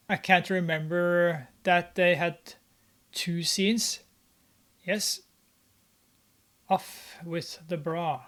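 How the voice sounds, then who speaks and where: A man with a fairly high voice talks over a movie at an unhurried pace. His commentary is casual and sarcastic, mocking what he sees with plenty of hesitant "uh" fillers. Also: fairly even intonation. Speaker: movie reviewer.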